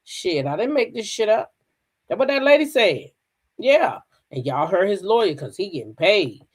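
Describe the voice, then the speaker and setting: A woman hosting her own channel, telling stories in a blunt, profane, animated style. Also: mid-range voice, normal speed, slightly rough. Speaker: channel host. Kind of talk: casual commentary chat.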